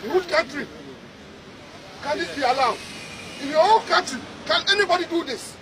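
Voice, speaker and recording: A man's voice: extremely high pitch, animated, normal speed, over a noisy crowd. A man, a public official, angrily rebuking people outdoors by a road, repeating his phrases in indignation. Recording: noisy outdoor archive clip.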